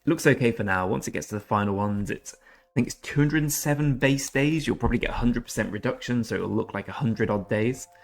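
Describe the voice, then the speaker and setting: A man's voice: lowish voice, gravelly. A man hosting a gaming channel, giving chatty, self-deprecating commentary over his gameplay.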